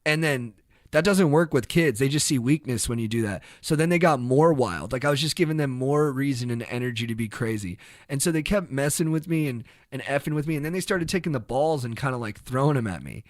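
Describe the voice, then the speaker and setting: A young man, a podcast co-host, telling a casual story in an animated way, sometimes shouting when acting out the scene. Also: medium pitch, brisk, hardly any pauses, no room sound, studio quality. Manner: animated, bursts into shouted reenactments.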